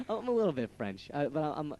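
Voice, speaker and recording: A man's voice: fairly high pitch, wildly swooping pitch, moderate pace, a crowd in the background. Stammering young man rambling on radio. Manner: rambling, stammering storyteller who laughs at his own jokes. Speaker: radio show co-host. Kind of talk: casual radio banter.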